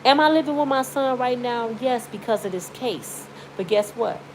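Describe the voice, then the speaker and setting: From bed at home, a middle-aged woman from Michigan rants emotionally to her YouTube audience, pleading and outspoken, her mood swinging from outrage to tears. She speaks at a moderate pace with a fairly high pitch and lively intonation. The recording is low quality, with slight background noise.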